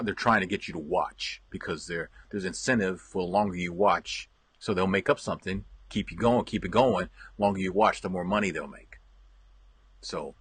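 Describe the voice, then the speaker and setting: A man's voice: lowish voice, pushed and bright, breathy edge, no room sound. A man hosting a casual live stream, chatting with viewers and answering their comments, laughing often and repeating himself. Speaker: host reading viewer comments.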